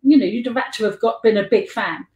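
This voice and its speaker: High-voiced chatty London woman in echoey room. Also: fast, a little mellow. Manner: chatty, giggly storyteller who jumps between tangents. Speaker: guest and life model. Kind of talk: rambling anecdotal chat. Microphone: video call. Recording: echoey room on a live stream.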